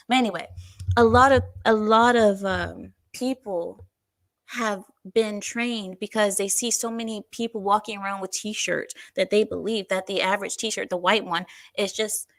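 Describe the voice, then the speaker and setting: Woman rambling on her livestream, chatty and animated, super dry close sound. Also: mid-range voice, no room sound. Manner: chatty, animated, breaks into silly voices and laughs. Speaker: livestream host. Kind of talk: casual livestream commentary, reading viewer comments.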